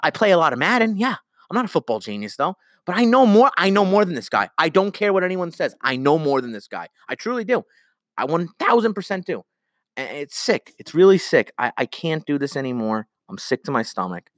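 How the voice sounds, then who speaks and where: Ranting sports podcaster, heated and profane. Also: male voice, a little high, sing-song, brisk, a bit bright, no room sound, clean studio sound. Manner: heated, swearing, repeats himself. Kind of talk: solo sports rant.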